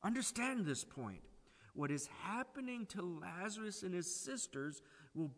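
A man preaching a sermon, swinging from loud pleading to hushed emphasis. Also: sits high, animated, a little slow, long reverb tail.

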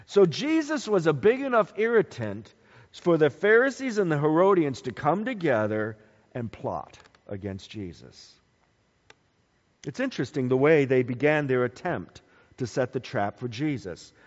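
A man preaching a sermon as a pastor, animated and emphatic, repeating key words for weight. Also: a little high, moderate pace, in a large hall, dull audio.

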